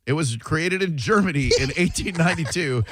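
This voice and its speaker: A man co-hosting a radio talk show, making dry quips and reading facts out loud. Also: fairly high pitch, expressive, normal speed, no echo. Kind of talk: casual talk radio banter.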